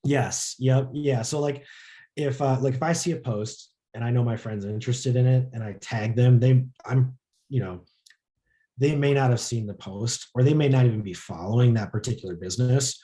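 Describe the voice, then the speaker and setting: A man's voice: mid-range voice, normal speed, warm tone. A man presenting a casual workshop session, talking loosely with lots of filler words. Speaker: social media workshop presenter.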